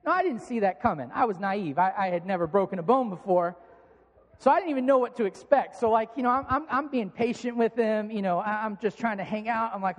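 A man's voice: sits high, lively intonation, fairly quick, long reverb tail. A middle-aged man preaching a sermon, telling a personal story in an earnest, conversational way with casual fillers.

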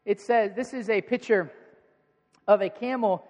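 High-voiced pastor preaching in a hall. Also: male voice, measured pace, dull audio. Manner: conversational preaching, earnest and animated. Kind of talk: sermon. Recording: reverberant hall.

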